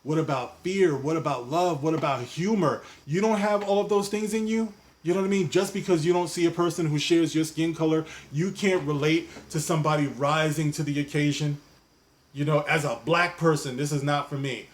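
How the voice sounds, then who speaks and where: A man's voice: a little high, a little fast. Rambling man ranting on camera. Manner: rambling and repetitive, full of "you know what I mean". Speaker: commentary vlogger. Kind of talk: casual commentary rant.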